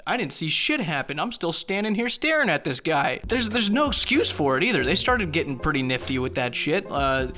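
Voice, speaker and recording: Sarcastic, ranting man with bright voice. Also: a little high. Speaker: gaming commentary host. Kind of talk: comedic game commentary.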